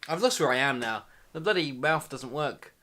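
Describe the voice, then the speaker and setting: A man in his twenties talks straight to camera in a comedic vlog. He plays it mock-dramatic, with loud bursts of hype and low, muttered asides. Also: expressive, normal speed. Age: 20s. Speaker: vlogger.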